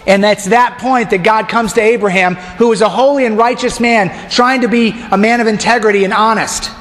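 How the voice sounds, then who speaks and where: A man's voice: sits high, steady tone, a little fast, fairly bright tone. A man preaching a sermon casually, joking with the congregation and talking to them directly. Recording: long hall reverb.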